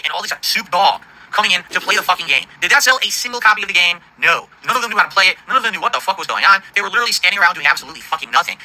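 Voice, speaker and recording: A middle-aged man livestreaming, ranting in an indignant, profane, rapid-fire way about his audience and the games industry. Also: sits high, pushed and bright, low-quality recording. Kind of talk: angry stream rant.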